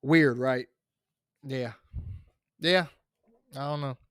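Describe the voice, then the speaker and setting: A man hosting his own podcast, telling a comic high school story in a rambling, profane way with many fillers and restarts. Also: steady tone, drawn-out words, a bit bright, smooth, no room sound, studio quality. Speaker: podcast host.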